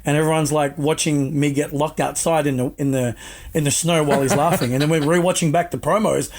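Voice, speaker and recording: A man's voice: a little high, fairly even intonation, brisk, a little mellow. A young Australian man in his twenties, a podcast guest telling casual, self-mocking anecdotes with the odd swear word. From Melbourne, Australia.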